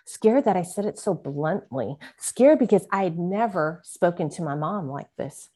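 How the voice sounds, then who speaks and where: A woman's voice: fairly low pitch, expressive, moderate pace, dark tone, slightly rough. A woman from San Francisco, a guest author, reading from her memoir and talking about it with earnest, vivid emotional emphasis. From San Francisco, USA. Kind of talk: memoir reading mixed with conversation.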